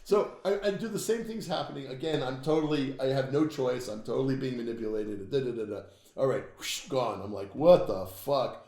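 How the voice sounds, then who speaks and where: A man, an occult author, telling stories in a casual interview, swearing freely and getting animated. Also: medium pitch, a little fast, roomy sound. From United States. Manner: profane, animated storytelling, laughs at own tales.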